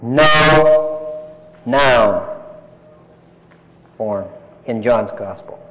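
A man's voice: medium pitch, extremely slow, a bit bright, in a large hall, poor audio. A man giving an emphatic Bible-teaching lecture, putting questions to his listeners as he explains. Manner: emphatic, asks the class questions.

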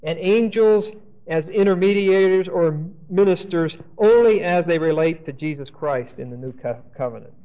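A man with a fairly high voice leads a Bible lecture, reading verses aloud and quizzing his class. He keeps checking in with an "okay?" as he goes. The recording is dull and lo-fi. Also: normal speed, dark tone, clear, resonant tone. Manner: checks in with the class, asking questions and saying "okay?"; reads scripture aloud and explains it. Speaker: Bible teacher.

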